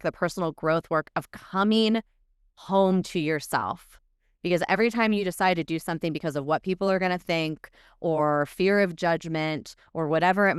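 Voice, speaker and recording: A woman co-hosting a podcast, speaking in a measured, reflective, coach-like way. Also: fairly low pitch, clean tone, no echo, clean studio sound. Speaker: podcast co-host. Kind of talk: casual podcast chat.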